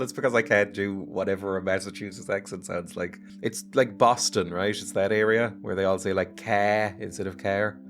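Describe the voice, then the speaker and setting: A man playing a game and chatting casually, joking and laughing as he goes. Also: lowish voice. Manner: chatty, jokey, laughs often. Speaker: let's play gamer. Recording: music playing behind.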